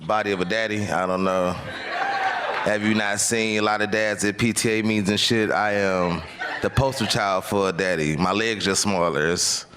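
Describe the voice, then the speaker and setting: A man's voice: fairly low pitch, fairly even intonation, normal speed, noisy background. A man doing a stand-up set at a comedy club, with a laid-back, drawling delivery. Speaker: stand-up comic.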